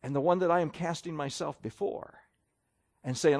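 A man's voice: a little high, normal speed, creaky, darkish tone. A man preaching a sermon, emphatic and folksy, asking the congregation rhetorical questions.

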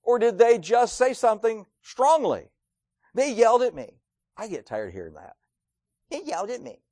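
A man preaching a sermon, animated and acting out quoted voices, swinging between loud and hushed. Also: high-pitched, no echo, studio quality.

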